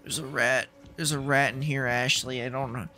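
A man's voice: medium pitch, steady tone, normal speed, pushed and bright. A man streaming a video game, chatting in jokey mock panic and talking to the game characters. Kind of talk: live gameplay commentary.

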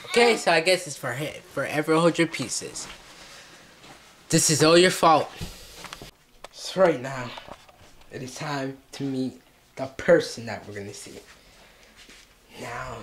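A woman's voice: very deep voice, measured pace, pauses often, a little hiss or hum. A woman vlogging at home, scolding and swearing in mock threats. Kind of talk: casual home video vlog.

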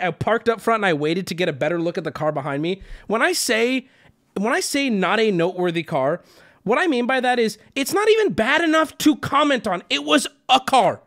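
Animated high-voiced male streamer. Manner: animated, swearing, jumps to high yelps when quoting himself. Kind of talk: casual storytelling to chat.

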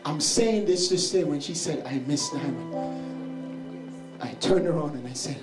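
High-voiced preaching man in echoey church. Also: lively intonation, moderate pace, over music. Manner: shouting exhortations, then telling a family story. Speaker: pastor. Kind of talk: sermon. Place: church sanctuary with music. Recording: echoey church with instrument behind.

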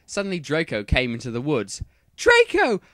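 A man reading fan fiction aloud for comedy, dropping deadpan sarcastic asides. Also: mid-range voice, normal speed, no echo, studio quality.

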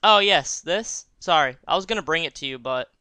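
Easygoing, teasing roommate from a game, read by a man, slightly high voice. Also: animated, normal speed, pushed and bright, clear, resonant tone, dry recording. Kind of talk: reading game dialogue aloud.

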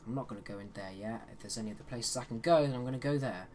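A man's voice: mid-range voice, very fast, background noise. Joking man doing gameplay commentary. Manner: chatty, joking asides while playing. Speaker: let's play host.

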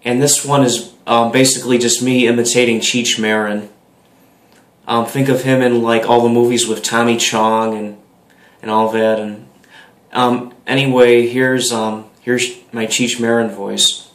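Slow, hesitant man vlogging. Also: mid-range voice, little pitch movement. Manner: hesitant, many ums and restarts. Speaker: video creator. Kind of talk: casual vlog intro. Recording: echoey room.

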